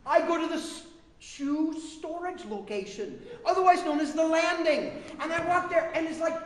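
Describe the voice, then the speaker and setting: Standing on stage in a large church hall, a male pastor delivers a humorous sermon where he pokes fun at himself, animated in his storytelling. His voice is extremely high at a moderate pace, and the hall's long reverb makes everything echo.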